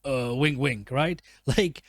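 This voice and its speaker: A film reviewer with a medium-pitched voice offers casual movie commentary at an unhurried pace, captured in a dry recording. He rambles and cracks jokes, frequently correcting himself partway through sentences.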